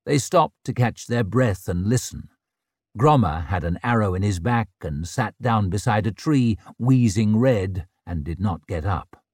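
A man giving measured, grave narration of a dark fantasy audiobook. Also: on the low side, lively intonation, husky, no echo, studio quality.

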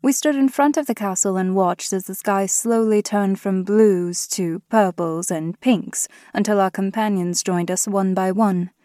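Woman reading a fantasy audiobook, steady pace, dry close mic. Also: mid-range voice, measured pace, few pauses, no echo. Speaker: audiobook narrator. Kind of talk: first-person fantasy audiobook narration.

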